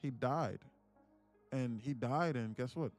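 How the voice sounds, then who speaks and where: Profane, storytelling trading-stream host. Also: male voice, medium pitch, slow pace, faint music behind. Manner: storytelling, swears freely. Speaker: day trading livestream host. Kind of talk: casual livestream talk.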